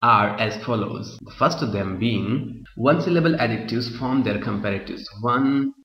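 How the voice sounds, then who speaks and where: A man's voice: mid-range voice, animated, normal speed. A man teaching a grammar lesson, repeating his points and checking with the class again and again. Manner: repeats points, keeps asking "Clear?". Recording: muffled echoey room, voice drifting from mic.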